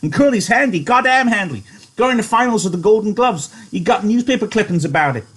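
Male teacher doing a raised, husky voice for a gossipy ranch-hand figure in a book reading. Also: high voice, lively intonation, quick pace, a bit bright, voice pushed up, full character voice. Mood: eager.

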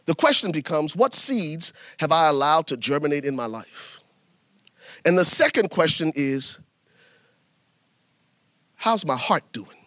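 A man preaching a sermon in an animated, folksy way, turning to the congregation and acting out little scenes. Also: fairly high pitch, a little slow, pauses often, dry recording, studio quality. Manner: animated preaching with acted asides; folksy, addresses congregation as y'all. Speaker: pastor.

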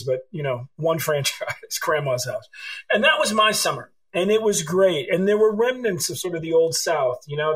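His voice sits on the high side, and the recording quality is rough. A middle-aged man from California, he's an author interviewed as a guest, answering through lively stories in which he acts out what people said.

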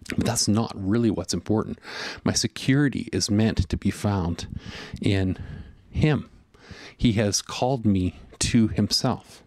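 A pastor with a lowish voice preaches a sermon in an earnest, conversational style, using fillers and often voicing his inner thoughts aloud. There's no echo.

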